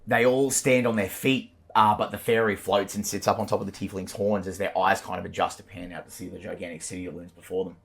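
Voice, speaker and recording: A man narrating a dark tabletop fantasy game as dungeon master, with vivid, gory descriptions and frequent fillers like "uh" and "like". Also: sits low, steady tone, quick pace, vocal fry, few pauses.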